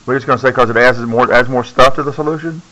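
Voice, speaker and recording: A man's voice: medium pitch, fairly even intonation, fast, pushed and bright, low-quality recording. A male science teacher lecturing a classroom, keeps checking in with "okay?" and coaxing students to speak up.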